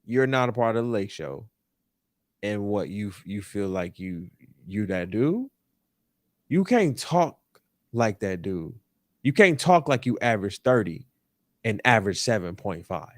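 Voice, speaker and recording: A man's voice: medium pitch, no room sound, studio quality. A young man hosting a sports talk show, ranting in an emphatic, repetitive, exasperated way. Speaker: podcast host. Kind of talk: animated sports talk rant. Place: New York.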